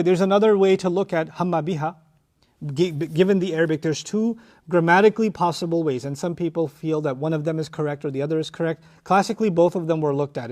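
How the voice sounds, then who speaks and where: A man with a notably high-pitched voice teaches a lecture on Quran commentary. He works through the Arabic word by word, reciting verses and repeating key phrases to drive them home. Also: darkish tone.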